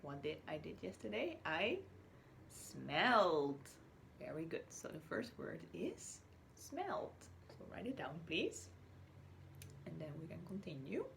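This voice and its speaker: A woman teacher from Chile giving a slow, patient recorded spelling lesson to young children, now and then whispering or acting out a word. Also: sits low, big pitch swings, creaky, a bit bright, a little hiss or hum. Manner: patient, drawn-out words, whispers or acts out words as examples.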